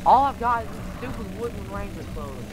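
A man's voice: high voice, expressive, quick pace, slight background noise, poor audio. A young man hosting a game let's play, chatting and teasing his friend as they play. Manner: joking, teasing, puts on a mock country voice at times. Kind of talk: casual gaming chat.

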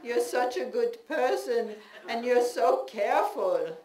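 A woman's voice: on the high side, expressive, takes it slowly, darkish tone, pitched above the performer's own voice. Woman doing a fussing, frail elderly mother, voice lifted and pleading, echoing shop room. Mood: lamenting. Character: fretful 88-year-old mother, frail, anxious and doting. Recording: roomy bookstore with faint noise.

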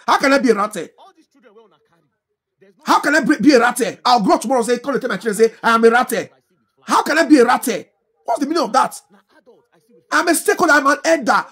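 A middle-aged Nigerian woman speaks in a thick Pidgin English accent, her voice pitched high and husky. She lectures and scolds with fervour, firing off one rhetorical question after another as she comments on current affairs. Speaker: social media commentator. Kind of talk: impassioned political commentary.

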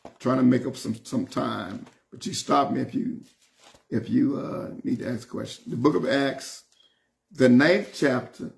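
A man's voice: medium pitch, measured pace, gravelly. A man leading a Bible study, teaching emphatically and repeating phrases for stress.

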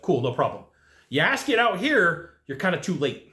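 An energetic man hosting a casual sales lesson, talking straight to viewers and acting out short dialogues. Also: a little high, roomy sound. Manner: energetic and amped up; conversational, acting out quick dialogues. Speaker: sales trainer and channel host.

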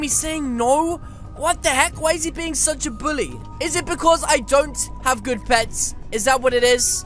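A woman giving excitable, playful gameplay commentary, melodramatic and mock-indignant. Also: sits high, moderate pace, faint music behind. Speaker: gaming YouTuber.

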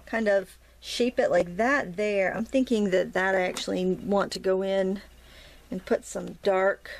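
A woman's voice: medium pitch, steady tone, measured pace, gravelly. A middle-aged woman with a Maine accent teaching watercolor painting in a casual, chatty way, talking to herself as she works and making playful asides. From Maine, USA. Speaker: watercolor instructor.

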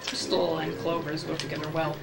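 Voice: medium pitch, little pitch movement, a little fast, recorded from a distance, music in the background. A host giving casual gameplay commentary, rambling, joking and correcting himself mid-sentence. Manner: rambling, self-correcting, jokey. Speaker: let's play host.

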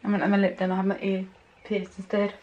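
A woman vlogging at home in casual chat, excitable and swearing freely. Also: medium pitch, fast talker, lo-fi sound, a little hiss or hum.

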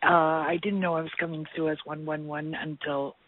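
A woman's voice: low-pitched, little pitch movement, moderate pace, a little hiss or hum. Friendly woman caller on the phone. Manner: friendly, a bit hesitant. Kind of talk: casual phone call. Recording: phone-line sound.

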